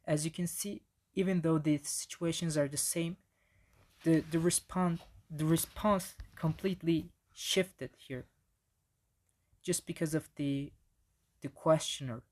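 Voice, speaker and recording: A man's voice: a little high, fairly even intonation, measured pace, a little mellow. Man giving a casual slide lecture. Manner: casual, frequent restarts and fillers.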